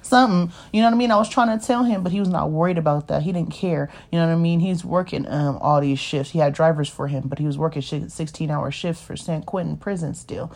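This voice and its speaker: A woman's voice: low-pitched, fast talker, creaky, few pauses, darkish tone. A woman, telling her life story in a rambling, casual way and often asking "you know what I mean?". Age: 30s. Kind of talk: casual personal monologue.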